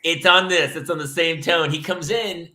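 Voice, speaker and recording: A man's voice: a little high, moderate pace, echoey room, a little hiss or hum. A middle-aged man hosting a podcast, telling stories animatedly and slipping into voices as he retells them. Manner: animated storyteller, does voices while retelling. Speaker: podcast host. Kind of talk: casual chat.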